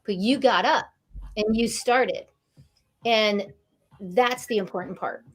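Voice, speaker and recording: A woman's voice: medium pitch, slow. A woman hosting an interview show, upbeat and encouraging, welcoming viewers by name. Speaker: talk show host.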